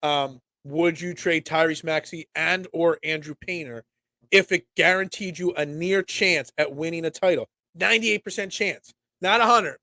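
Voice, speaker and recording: A young man hosting a casual solo sports talk show, rambling and animated with lots of restarts. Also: high-pitched.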